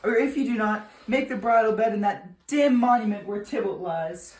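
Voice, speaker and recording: A woman's voice: medium pitch, normal speed, darkish tone, natural voice. A woman playing a desperate, defiant young noble daughter in an amateur Shakespeare reading, earnest and pleading. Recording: roomy echo.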